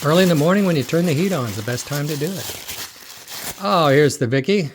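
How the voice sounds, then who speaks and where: A man's voice: fairly high pitch, lively intonation, brisk, background noise. A middle-aged man talking casually as he looks through a box of toy cars, chatty and thinking aloud, often repeating his words. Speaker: toy car collector and dealer. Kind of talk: casual unboxing commentary.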